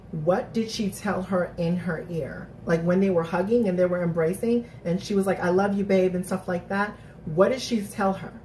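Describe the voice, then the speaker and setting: A woman hosting a live recap stream, chatting casually to her viewers, animated and thinking out loud with lots of restarts. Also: fairly low pitch, a little hiss or hum. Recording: roomy, distant mic.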